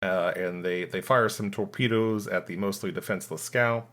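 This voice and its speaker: A man hosting a podcast, recapping a film plot in casual chat, halting with many ums and restarts. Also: low-pitched, steady tone, fairly bright tone. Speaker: podcast host summarizing a film.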